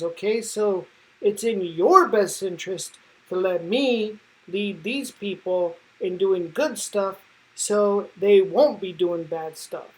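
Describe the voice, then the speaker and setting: A woman's voice: a little high, rough recording. A woman voicing a brash, cocky male superhero leader who talks in swaggering slang.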